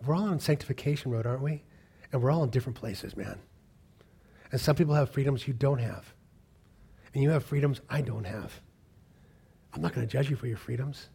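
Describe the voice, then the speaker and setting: Husky-voiced pastor man preaching. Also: medium pitch, moderate pace, pauses often. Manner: impassioned, swinging from loud to hushed whispers. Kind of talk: sermon.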